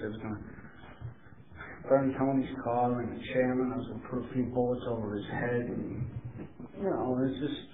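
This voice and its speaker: A middle-aged man from New York giving a candid, rambling talk at a recovery meeting, blunt and profane, often laughing. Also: mid-range voice. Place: meeting hall. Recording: tinny, noisy, echoey old tape recording of a meeting hall.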